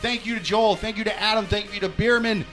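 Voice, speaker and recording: Male comedy podcast co-host, bright and sharp tone, crude rambling delivery with stammered restarts. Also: high-pitched, fairly even intonation, quick pace, faint music behind. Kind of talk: casual comedy podcast chat.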